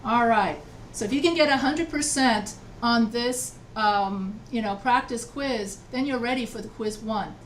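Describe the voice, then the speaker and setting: A woman writing instructor teaches an online class, patiently repeating herself and checking that everyone keeps up. Her slightly high voice is unhurried with few pauses and sounds far from the laptop mic, with a faint hum under the video-call audio.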